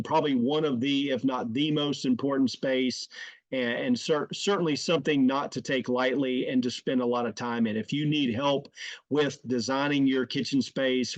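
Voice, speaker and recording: A man's voice: mid-range voice, no room sound, low-quality recording. Friendly male home-design presenter, dry sound. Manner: friendly, repeats phrases, many fillers. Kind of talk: casual instructional talk to camera.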